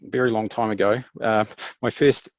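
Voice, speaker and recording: A man's voice: lowish voice, steady tone, moderate pace, no echo, muffled recording. A man with a New Zealand accent gives a casual, chatty presentation to a meetup over a video call, with plenty of fillers and restarts. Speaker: meetup speaker.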